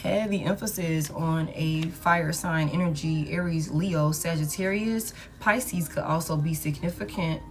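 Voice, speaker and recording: A woman's voice: low-pitched, a little slow, hardly any pauses. A woman giving a live tarot reading, talking casually and profanely to her viewers. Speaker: tarot reader.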